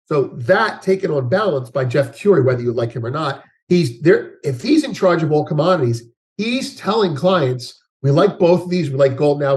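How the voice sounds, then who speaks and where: A man with a fairly high, slightly mellow voice appears as a guest market analyst in a conversational interview. He rambles, often restarting sentences and using fillers.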